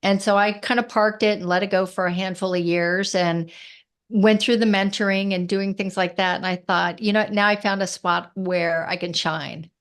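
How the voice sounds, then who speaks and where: A woman's voice: medium pitch, steady tone, moderate pace, smooth. Frank businesswoman guest. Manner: frank, direct, down-to-earth. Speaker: entrepreneur guest. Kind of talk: casual interview chat.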